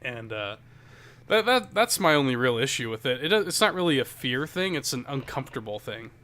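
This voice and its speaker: Casual podcast co-host, man, bright tone, loose rambling delivery with swearing. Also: mid-range voice, big pitch swings, normal speed. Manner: rambling, profane storytelling with lots of fillers. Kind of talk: casual chat.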